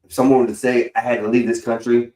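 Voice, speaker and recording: A man's voice: medium pitch, little pitch movement, quick pace, a little mellow, roomy sound, rough recording. A man hosting a live stream in casual chat, rambling and slangy, swearing freely and calling people bro. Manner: rambling, slangy and profane, says bro a lot. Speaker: streamer host.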